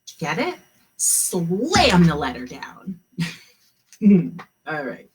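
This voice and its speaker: A woman teaching a kindergarten class online, encouraging the children and sounding out words slowly. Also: on the low side, wildly swooping pitch, a little hiss or hum.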